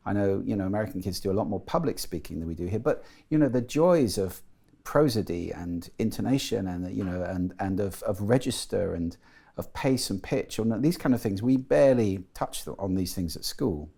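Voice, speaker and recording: A middle-aged man talks as an interview guest, articulate and enthusiastic. His voice sits low with a gravelly edge and a dark, mellow tone. He explains ideas readily. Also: lively intonation, normal speed. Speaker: guest, voice and sound expert.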